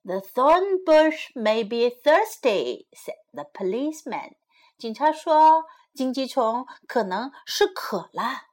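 A kind, helpful policeman in a storybook, gentle and reassuring, read by a woman. The voice stays high and unhurried. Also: big pitch swings, exaggerated voice.

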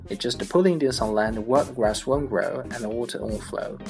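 A man whose first language is Chinese, reading a comic monologue aloud in English with a lively storytelling delivery. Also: medium pitch, fairly quick, music in the background. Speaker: English learner practicing accents.

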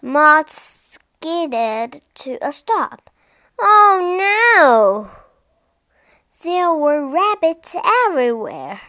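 A woman narrating a children's bedtime storybook, reading aloud in a slow, deliberate, expressive way. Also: high voice.

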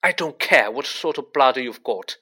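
A man's voice: fairly high pitch, animated, normal speed, bright, forceful tone, voice pushed up. Harry Potter, a man voicing a defiant boy. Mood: angry, defiant. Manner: fierce, clipped and defiant. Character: angry young teenage boy wizard.

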